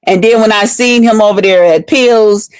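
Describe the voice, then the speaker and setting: A woman's voice: medium pitch, normal speed, darkish tone, clear, resonant tone, no room sound. A woman talking to her viewers in blunt, profane, unfiltered casual commentary. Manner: blunt, profane, chatty, addresses viewers directly. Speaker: online commentary host.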